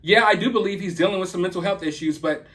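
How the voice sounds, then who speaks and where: A man's voice: high voice, quick pace, a bit bright. A man with a Southern US accent from the American South, delivering a heated, confrontational commentary rant to viewers. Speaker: YouTube commentator.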